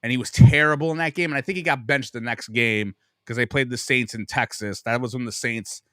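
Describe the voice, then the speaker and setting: A man's voice: mid-range voice, brisk, fairly bright tone, no echo, studio quality. Rambling profane man telling stories. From Buffalo, New York. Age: 40s. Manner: rambling storyteller, profane, self-mocking. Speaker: podcast guest. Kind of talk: casual sports chat.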